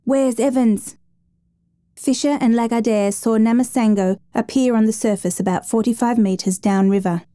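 A woman reading a dramatic true story as a steady, measured narrator. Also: fairly high pitch, no echo.

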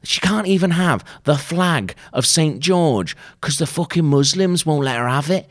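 A man's voice: fairly high pitch, expressive, moderate pace, pitched above the performer's own voice, lightly acted. A man putting on a Northern English accent to voice a blustering, bigoted male coworker, ranting indignantly.

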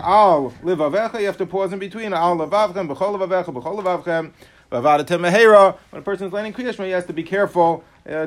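Fast-talking, high-voiced rabbi teaching Talmud. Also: male voice. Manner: rapid explanatory delivery with Hebrew terms and fillers. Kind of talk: Talmud lecture.

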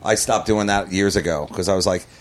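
A man with a low voice sits in on a podcast as a comedian guest. He rambles loosely, drifts off mid-sentence and picks the thread back up. Now and then he breaks into a laugh at his own tales. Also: brisk. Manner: rambling, trailing off, many fillers and restarts. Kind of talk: casual podcast chat.

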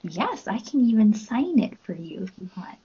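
A woman's voice: mid-range voice, very animated, normal speed, mellow, breathy edge. A woman co-hosting a casual news chat, talking in a giggly, chatty way, on a dull lo-fi recording. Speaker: co-host and musician.

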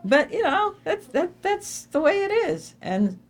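A middle-aged woman giving an inspirational faith talk to a live audience, telling stories with animated, emphatic repetition. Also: very high-pitched, a little slow. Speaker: speaker addressing an audience.

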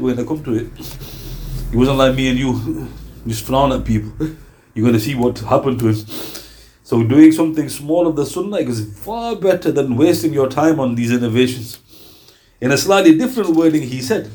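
Emphatic male teacher, mellow tone. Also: mid-range voice. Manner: emphatic, rhetorical questions, rapid citation lists. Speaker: Islamic teacher. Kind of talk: religious lesson with hadith references.

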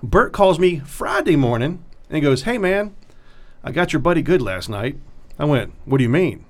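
A man, a comedian, telling a long story in casual chat, profane and animated as he acts out what others said. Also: on the high side, moderate pace.

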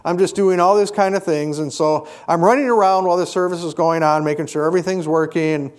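A middle-aged man preaching a sermon in a fairly high voice. He talks earnestly, swelling into emphatic stresses and then sinking to quiet, reflective lines. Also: steady tone, brisk, smooth. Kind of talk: sermon with personal story.

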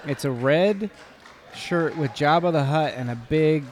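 A man's voice: fairly high pitch, a little slow, noisy background. A man co-hosting a comedic basketball broadcast, trading dry, playful banter with his partner. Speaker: color commentator co-host.

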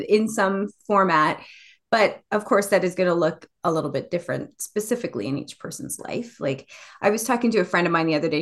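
A woman in her forties, a podcast guest who tells family anecdotes in a casual, animated way and laughs often. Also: mid-range voice. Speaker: guest, author and mother. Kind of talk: casual storytelling in a podcast interview.

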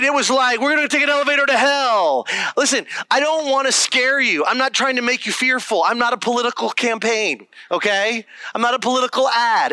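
Bright-voiced man preaching a sermon. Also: sits high, no room sound. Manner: conversational and emphatic, checking in with "okay?". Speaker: pastor.

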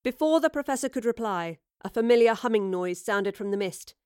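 A woman reading an audiobook in a measured storytelling style. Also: on the high side, animated, darkish tone, smooth, dry recording, clean studio sound. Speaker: audiobook narrator. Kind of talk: scripted narration.

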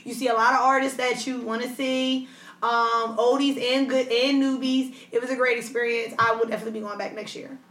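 A woman with a high, bright voice trades stories in a casual podcast chat. She talks in an animated, salty, profane way. The room around her rings with echo. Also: brisk. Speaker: podcast co-host.

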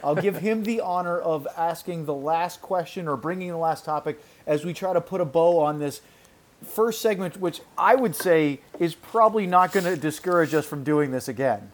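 A man's voice: a little high, moderate pace. A man hosting a sports podcast, jokey and casual as he wraps up the segment. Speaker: podcast host.

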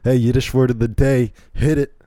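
A man's voice: medium pitch, level tone, normal speed, over loud music. A man hosting a podcast, giving incredulous, rambling play-by-play commentary on a video in a casual way. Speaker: podcast host.

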